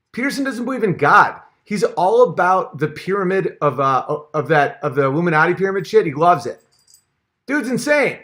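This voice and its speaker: This comedic rant vlog features the channel's host, a man whose voice sits high with a fairly bright tone. His rant is heated, sarcastic and full of profanity, wandering through restarts and side remarks.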